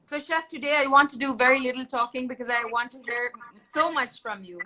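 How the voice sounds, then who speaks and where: A woman's voice: high voice, fairly quick, sharp tone, slight background noise, rough recording. A woman hosting an interview show, speaking eagerly and admiringly, with a few stumbles. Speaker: host. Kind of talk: hosted interview chat.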